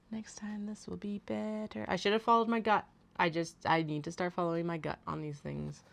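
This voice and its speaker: A woman's voice: low voice, creaky. A woman hosting a casual sewing livestream from a home workroom, thinking aloud and poking fun at herself. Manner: chatty, thinks aloud, self-mocking. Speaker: host, bag maker.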